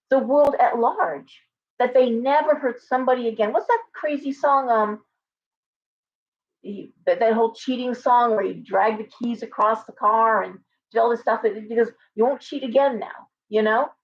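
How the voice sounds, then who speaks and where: A woman chatting to viewers on her tarot livestream, lively and full of restarts and asides. Her voice sits a little high and comes through slightly dull and lo-fi, like a webcam stream. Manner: animated, talks with lots of restarts and asides to viewers. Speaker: tarot reader and livestream host. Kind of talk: casual livestream chat. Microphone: webcam with ring light.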